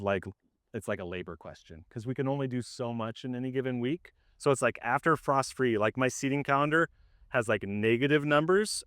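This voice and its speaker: A man leading a farm tour outdoors, explaining his farming in a casual, conversational way with lots of fillers, his voice slightly hoarse. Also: mid-range voice, dry recording, studio quality. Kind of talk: explaining while walking a group around.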